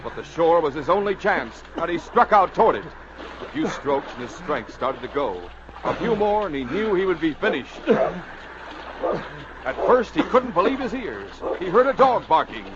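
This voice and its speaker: A man's voice: a little high, big pitch swings, moderate pace. A man narrating a radio adventure drama with urgent, suspenseful delivery. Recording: muffled old radio recording with hiss.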